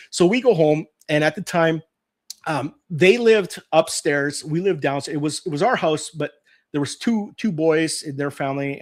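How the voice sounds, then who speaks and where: A middle-aged man hosting a live stream, telling childhood stories in a casual, animated way and acting out the lines of the people in them. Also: on the high side. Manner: animated, acts out his own and others' lines. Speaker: host of a live nostalgia stream. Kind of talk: casual storytelling.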